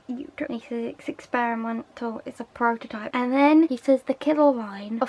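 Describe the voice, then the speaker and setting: A woman's voice: a little high, brisk, few pauses, darkish tone, poor audio. A young woman, casually recapping a TV episode with chatty asides. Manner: chatty, recounts scenes with quoted lines and asides. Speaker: TV episode reviewer.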